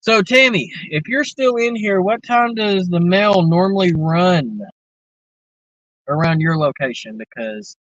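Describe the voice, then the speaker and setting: A Southern man talks through a casual stream, drawling and wandering from thought to thought. His voice sits a little high for a man. It is captured close and dry, with a dull, muffled edge. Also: animated, a little slow, no echo. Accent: Southern American. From American South. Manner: rambling, drawling, with many fillers. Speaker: livestream host chatting with viewers. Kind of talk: casual chat.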